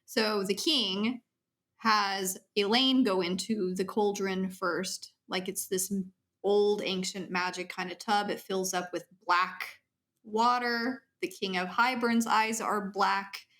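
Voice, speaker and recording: A woman's voice: mid-range voice, steady tone, slow, fairly bright tone. A woman co-hosting a book podcast, summarizing a novel's plot in casual chat. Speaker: podcast co-host.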